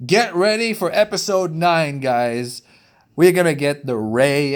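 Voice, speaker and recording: A man's voice: fairly high pitch, measured pace. A man ranting through a movie review vlog, exasperated and swearing often.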